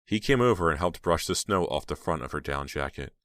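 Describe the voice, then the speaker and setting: Deep-voiced man reading an audiobook. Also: expressive, a little fast, a bit bright, no room sound, clean studio sound. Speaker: audiobook narrator. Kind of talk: scripted narration.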